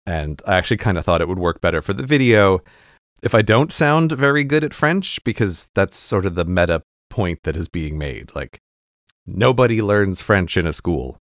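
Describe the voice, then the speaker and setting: An American man chatting casually on a podcast, animated and laughing often. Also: low-pitched, normal speed, dry recording, studio quality. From United States.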